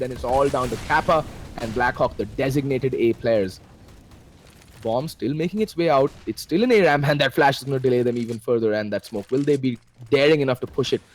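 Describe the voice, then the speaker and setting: Indian guy casting a shooter match on a headset, excitable, faint gunfire behind him. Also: a little hiss or hum. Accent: Indian English. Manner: excitable, with sudden jumps in pitch at big plays. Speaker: esports caster. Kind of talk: play-by-play commentary.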